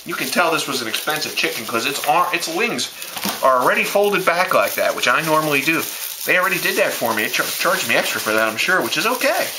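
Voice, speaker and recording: A man's voice: fairly high pitch, sing-song, fast talker, roomy sound. Folksy man hosting a noisy grill demo. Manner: folksy, joking, talks to viewers directly. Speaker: barbecue cook and show host. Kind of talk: casual cooking demonstration.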